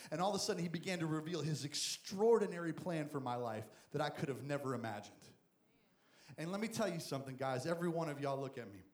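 Male youth pastor, high voice, energetic jokey sermon, roomy echoing hall. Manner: energetic, jokey, acts out Bible figures.

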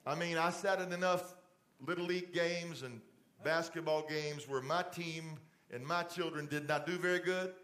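A middle-aged man preaching a conversational sermon in a church, dropping to a soft fatherly voice for asides. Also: fairly high pitch, fairly even intonation, moderate pace. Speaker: pastor. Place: church stage with TV lights.

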